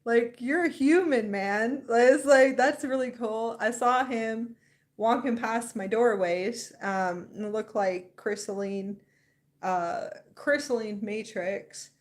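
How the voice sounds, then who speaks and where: Excited rambling woman livestreaming. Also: on the high side, slow pace. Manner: rambling, excited, laughs often. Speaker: spiritual livestream host. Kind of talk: casual livestream chat.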